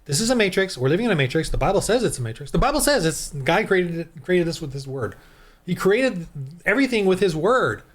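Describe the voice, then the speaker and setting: A man's voice: high-pitched, big pitch swings, fairly quick. A man from the United States giving a rambling, heated, preachy commentary monologue as a Christian video host.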